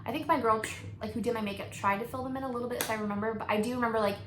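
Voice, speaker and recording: A beauty vlogger in her thirties talks casually while doing her makeup. Her voice sits a bit high and she laughs often, filling her talk with likes and ums. The room sounds echoey, with a faint hiss behind her. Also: fairly even intonation, racing.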